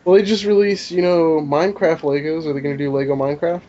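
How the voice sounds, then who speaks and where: Man, podcast co-host; mellow dark voice; sarcastic, grumpy; lo-fi with faint hiss. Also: on the high side, fairly even intonation, quick pace. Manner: grumbling, sarcastic, swears. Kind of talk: casual gaming podcast chat. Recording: dull lo-fi audio with faint hiss.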